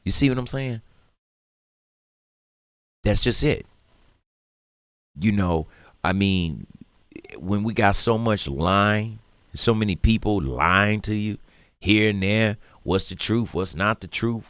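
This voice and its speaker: A man with a Detroit accent co-hosting a talk radio show, speaking in streetwise slang and growing loud and emphatic. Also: low voice, measured pace, pauses often, dry recording, studio quality. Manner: animated, rising to loud emphatic rants; streetwise slang, laughs through hard talk. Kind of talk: casual talk radio monologue.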